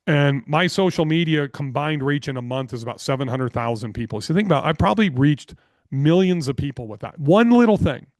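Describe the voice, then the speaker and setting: A man guesting on a podcast, telling business stories in an energetic, blunt way and swearing freely. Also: a little high, fairly quick, dry recording. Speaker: podcast guest, real estate investor. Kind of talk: casual interview storytelling.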